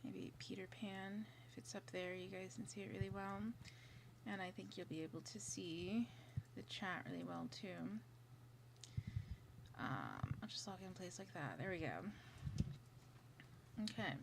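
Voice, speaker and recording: A woman with a slightly low voice hosts a casual livestream, chatting loosely and thinking aloud as she sorts out her setup. She drops now and then into whispered asides to herself. Clear clicking noises sit under her voice. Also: animated, normal speed, long pauses, noisy background. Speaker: livestream host.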